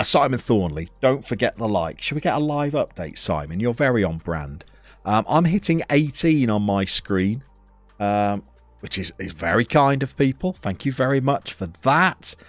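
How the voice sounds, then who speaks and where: A man, live-streaming a football game, reading out viewers' messages and commenting on the match in a chatty, playful way with sudden bursts of excitement. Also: medium pitch, no room sound. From England.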